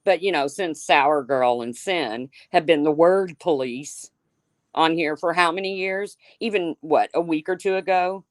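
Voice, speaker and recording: A woman's voice: low-pitched, a little slow, dry recording, clean studio sound. A woman hosting a livestream, ranting heatedly with lots of swearing and calling out chat viewers by name. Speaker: livestream host.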